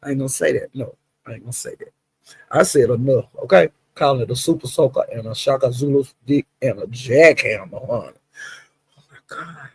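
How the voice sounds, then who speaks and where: A woman with a very deep, gravelly, creaky voice hosts a casual livestream, greeting viewers one at a time with lively, colloquial exclamations and lots of laughter. She talks a little fast, and the recording is dry and close, with no room sound or echo.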